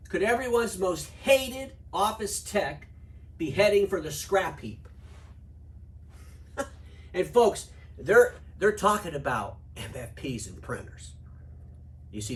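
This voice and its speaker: A man hosting an opinionated video commentary, sarcastic and animated, reading quotes aloud with mock emphasis. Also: on the high side, recorded from a distance. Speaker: show host.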